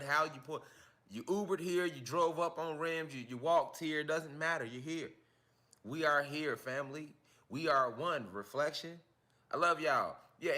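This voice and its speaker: A man's voice: fairly high pitch, sharp tone. A man teaching a casual livestream class on spiritual topics, talking in slangy, repetitive, emphatic street speech.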